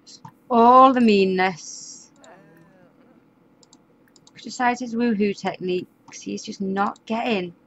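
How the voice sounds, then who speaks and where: A woman's voice: medium pitch, takes it slowly, pauses often, a bit bright, dull audio, slight background noise. A woman giving casual, chatty commentary over a life-sim game, often exasperated and laughing. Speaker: gaming YouTuber. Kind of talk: casual let's-play commentary.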